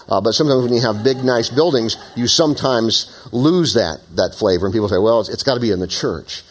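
A man preaching a sermon in an animated, conversational way, with frequent asides. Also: fairly low pitch, husky. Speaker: pastor. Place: church meeting in an opera house.

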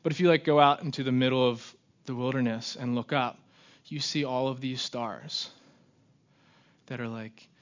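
A man's voice: medium pitch, fairly even intonation, moderate pace, muffled recording. A young man giving a casual, conversational sermon to youth, often checking in with "right?" and acting out grumbling voices.

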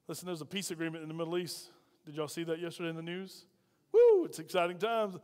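A pastor with a high, light voice preaches in a folksy way and keeps calling questions out to his congregation. His words ring with the long reverb of a church hall. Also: lively intonation, fast talker, a little mellow. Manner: folksy, call-and-response preaching. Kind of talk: sermon.

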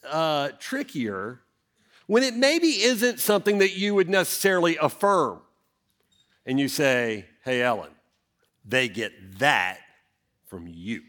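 A middle-aged pastor preaching, his voice sitting a bit high for a man and swooping widely as he tells a story. He dramatizes, rising sharply and then dropping low and quiet for effect. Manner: animated, dramatic storyteller with big swings in pitch. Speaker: senior pastor. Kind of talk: sermon with personal storytelling.

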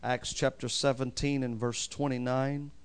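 A man preaching a sermon as pastor, reading scripture slowly with strong emphasis and calling for amens from the congregation. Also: medium pitch, flat delivery, clear, resonant tone.

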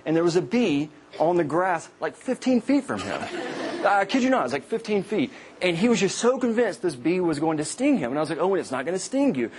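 A man in his thirties, a campus minister, preaching to college students with humorous personal stories and lively quoted voices. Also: sits high, a little fast, a little hiss or hum. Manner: joking storyteller, animated quoted voices.

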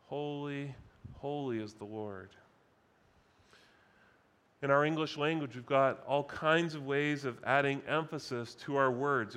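A man preaching a sermon in a measured, emphatic way, slowing down to stress key words. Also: on the high side, fairly bright tone.

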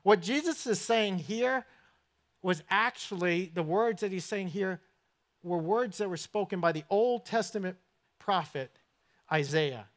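A man's voice: high-pitched, fairly bright tone. A man from southern New England preaching a sermon in a church with a New England accent, conversational and storytelling, asking his listeners questions. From southern New England, USA. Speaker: pastor.

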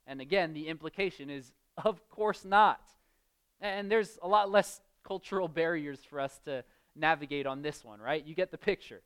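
A young man preaching a sermon, earnest and emphatic, growing animated as he acts out everyday scenes. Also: on the high side, normal speed, smooth. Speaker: campus ministry preacher.

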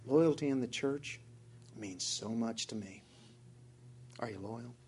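A man's voice: medium pitch, takes it slowly, darkish tone, a little hiss or hum. A man with a Southern US accent who preaches a sermon as pastor, asking his congregation direct questions.

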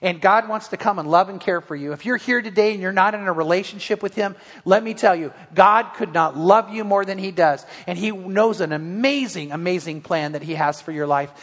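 A man's voice: sits high, brisk, hardly any pauses, fairly bright tone. A man pastor preaching a sermon, telling a story earnestly with frequent restarts, in a church sanctuary. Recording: long hall reverb.

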